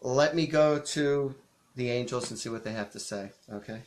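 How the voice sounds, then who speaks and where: A man hosting a live psychic show, chatty and animated as he tells stories and acts out quotes, a bit sniffly from allergies. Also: medium pitch, normal speed, slight background noise. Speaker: psychic medium host. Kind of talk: casual live-stream storytelling.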